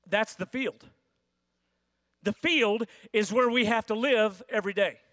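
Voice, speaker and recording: A man preaching a sermon as senior pastor, with dramatic pauses and acted-out inner voices. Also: high voice, a bit bright. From United States. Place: large church sanctuary. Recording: dry sound with long hall reverb.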